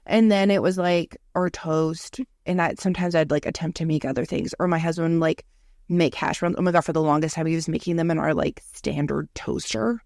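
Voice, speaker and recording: A woman in her thirties co-hosting a podcast, chatting candidly with lots of swearing and animated storytelling. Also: low voice, fairly quick, creaky, no echo, studio quality. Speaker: podcast co-host. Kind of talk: casual chat.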